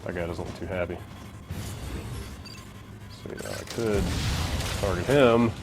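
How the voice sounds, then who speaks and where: A man's voice: low voice, measured pace, creaky, music in the background. A man giving casual gameplay commentary as he plays, laid-back and rambling with lots of fillers. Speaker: co-host playing the game.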